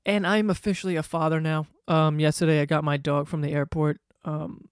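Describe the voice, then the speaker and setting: Animated, profane young man hosting. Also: on the high side, brisk, clean tone, no echo, studio quality. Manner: animated, profane, rambling with fillers. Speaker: podcast host. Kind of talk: casual storytelling monologue.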